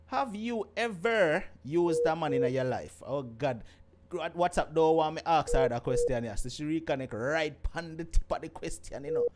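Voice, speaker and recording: Jamaican male host, fairly high voice, playful and teasing, reads comments aloud. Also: normal speed, a little hiss or hum. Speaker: host of a live call-in show. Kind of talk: casual live-stream chat.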